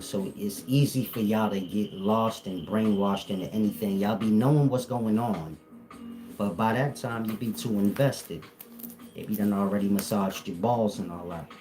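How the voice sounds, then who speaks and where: A man's voice: lowish voice, a little mellow. A man with an African American Vernacular English accent, speaking as a spiritual teacher to a live audience, blunt, profane and joking.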